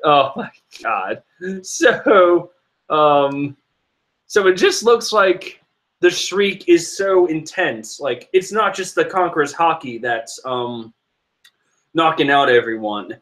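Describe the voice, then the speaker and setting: Man, slightly high voice, casual reading commentary, excitable, rambling, laughing. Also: takes it slowly. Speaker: manga reaction vlogger.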